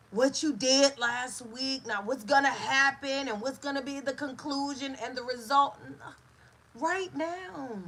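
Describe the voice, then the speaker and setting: Slow, bright-voiced inspirational woman. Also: sits high, poor audio. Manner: emphatic, repetitive, drops to a hush for stress; emotional, speaks to a live listener. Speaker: host. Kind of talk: inspirational spoken talk.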